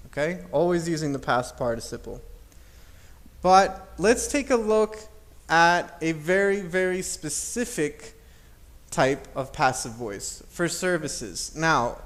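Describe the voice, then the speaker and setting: A man's voice: medium pitch, fairly bright tone. A man teaching an English grammar lesson, explaining patiently, repeating examples and checking in with "okay?".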